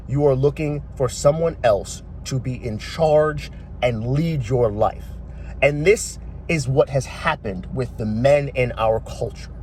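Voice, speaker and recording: A man in his thirties giving a blunt, profane motivational rant, talking forcefully and preachily. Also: mid-range voice, a little hiss or hum. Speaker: commentator.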